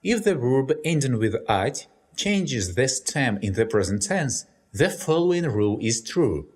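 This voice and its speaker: A man with a Russian accent, a native Russian speaker, giving a scripted language lesson with careful, deliberate explanations. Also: medium pitch, big pitch swings, a little mellow. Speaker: language teacher.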